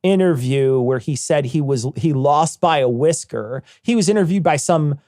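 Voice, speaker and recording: A man's voice: fairly high pitch, lively intonation, normal speed, warm tone, no echo, studio quality. Profane joking male podcast co-host. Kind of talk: casual political chat.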